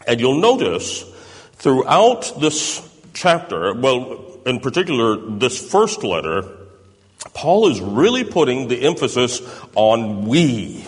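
Man, preacher, sermon, medium pitch, lively intonation, long reverb. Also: a little slow. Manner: explains with tag questions. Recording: reverberant hall.

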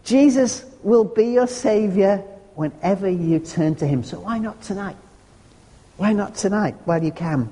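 A man delivers a sermon in an earnest, chatty way and slips in homely jokes. His voice is mellow and a little husky. It rings through a hall with a long reverb. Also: high-pitched, lively intonation, a little slow. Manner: earnest and conversational, with homely humorous asides. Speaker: preacher.

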